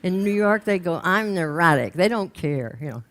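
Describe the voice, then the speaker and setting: Deep-voiced older woman telling a story. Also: normal speed. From Los Angeles, USA. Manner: humorous, lively storytelling with quoted voices. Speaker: speaker. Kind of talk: storytelling stage talk. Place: stage before a live audience.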